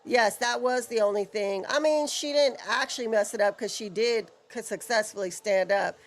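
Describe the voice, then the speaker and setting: A co-host of a live wrestling watch-along, chatting casually and asking quick questions. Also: medium pitch. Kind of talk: casual live-stream chat.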